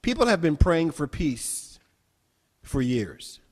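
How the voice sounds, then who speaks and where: A man preaching a sermon with a fairly high voice, taking his time over each phrase. He repeats lines for emphasis and climbs into excited declarations. His voice rings out with the long reverb of a church hall. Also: slow. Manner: repetitive, emphatic preaching with rising exclamations. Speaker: minister. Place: church sanctuary.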